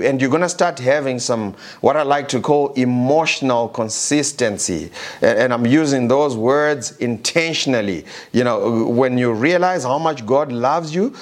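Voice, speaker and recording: A man preaching a sermon, reading scripture aloud and slowing down with rising emphasis on key verses, with some halting restarts. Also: medium pitch.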